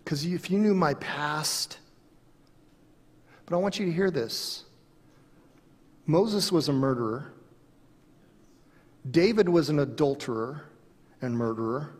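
A man's voice: a little high, slow, long pauses, a little mellow, husky, in a large hall. A man pastor giving an earnest, conversational sermon.

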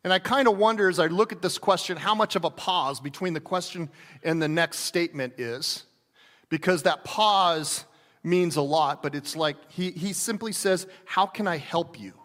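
This pastor delivers his sermon at a moderate pace and in an easygoing, conversational manner, his voice pitched high for a man. He keeps restarting sentences and performs the quotes he cites, while a long reverb from the hall follows each word.

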